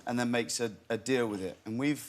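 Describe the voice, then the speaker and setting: A man's voice: mid-range voice, a little fast, slight background noise. Actor guy chatting on a talk show, laid back, chuckles through his stories. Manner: relaxed, self-deprecating, chuckles while telling anecdotes. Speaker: actor guest. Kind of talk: chatty interview.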